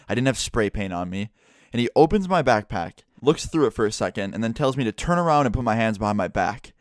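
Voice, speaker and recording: Fast-talking young man telling a story. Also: fairly low pitch, no echo, clean studio sound. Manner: animated, blunt, swears. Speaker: vlogger. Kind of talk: casual storytime.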